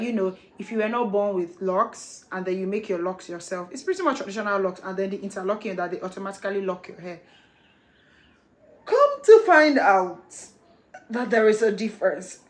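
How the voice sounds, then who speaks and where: A young adult woman chatting excitedly to camera as a hair vlogger, playful and talkative. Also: medium pitch. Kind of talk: casual chat to camera.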